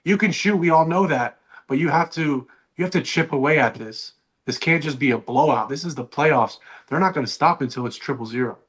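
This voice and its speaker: A man's voice: on the high side, fairly quick, a bit bright. Rambling young man co-host. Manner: rambling, with many restarts. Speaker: podcast co-host. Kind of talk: casual sports talk.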